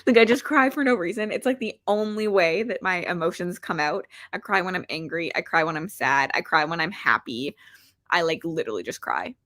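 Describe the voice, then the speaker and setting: A woman's voice: on the low side, animated, a little fast, a bit bright, no room sound, clean studio sound. A woman hosting a casual book livestream, chatting and reading out viewer comments, rambling and self-deprecating. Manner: chatty, rambling with frequent "like" fillers. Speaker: booktuber hosting reading sprints.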